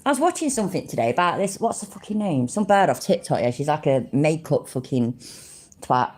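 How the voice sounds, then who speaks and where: A woman's voice: low-pitched, sing-song, fairly quick, a little mellow, slightly rough. A woman in her forties, chatting bluntly and swearing as she reacts to clips. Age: 40s. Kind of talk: casual reaction chat.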